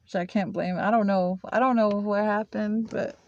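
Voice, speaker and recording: Halting confessional young woman, flat delivery. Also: medium pitch, lo-fi sound. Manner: halting, full of fillers and restarts; confessional, emotional. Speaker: vlogger. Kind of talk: casual storytelling.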